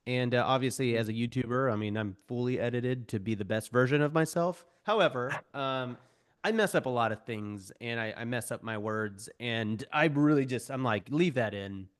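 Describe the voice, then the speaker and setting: A podcast guest in his thirties speaks in a mid-range voice. He is chatty and self-deprecating and often acts out quick voices of the people in his stories. The delivery is loose and unscripted. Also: mid-range voice, clean tone. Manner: animated, self-deprecating storyteller who acts out quoted voices. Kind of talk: podcast interview.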